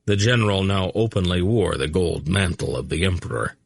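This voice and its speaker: Male audiobook narrator, low gravelly husky voice, unhurried, lively pitch, dry close sound. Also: no echo. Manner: slow, measured reading with character voices. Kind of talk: scripted narration.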